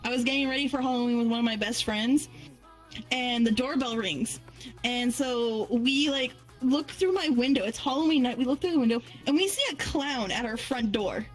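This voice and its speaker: Her fairly high voice moves at a normal speed over soft background music, and the audio quality is poor. She's a guest answering questions in a social VR game, casually telling stories through her headset. She swears freely and laughs as she talks.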